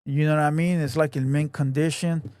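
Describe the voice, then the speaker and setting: A man's voice: a little high, steady tone, a little fast, darkish tone, dry recording. A male podcast host, chatting casually to a livestream audience in blunt, profane, laid-back street slang. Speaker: podcast host reading viewer comments.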